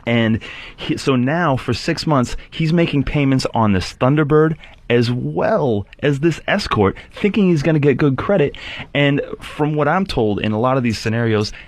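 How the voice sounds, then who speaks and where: A man's voice: mid-range voice, lively intonation, moderate pace, dry recording. A man in casual chat, telling candid stories from his years selling cars. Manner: candid storyteller, sheepish about past scams.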